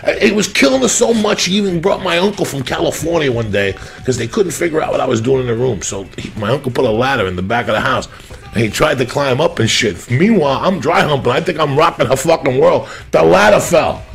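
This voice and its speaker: Middle-aged comedian guy ranting loud and filthy, gravelly voice, pitch bouncing all over. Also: expressive. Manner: loud, profane, rapid-fire. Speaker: stand-up comedian. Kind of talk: profane storytelling rant.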